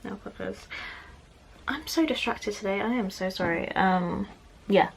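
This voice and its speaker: A woman's voice: medium pitch, expressive, moderate pace, a little hiss or hum. Chatty young woman doing a tarot reading. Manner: chatty, apologetic, easily distracted. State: slightly out of breath. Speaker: tarot reader. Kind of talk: casual tarot reading vlog. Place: bedroom at home, sitting on the floor.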